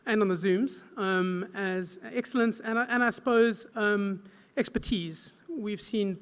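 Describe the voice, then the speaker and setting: A man giving a welcome speech at an awards event, relaxed and halting, often pausing and restarting. His voice is high for a man, and it rings out with a long hall echo. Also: clear, resonant tone. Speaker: editor speaking at an awards event.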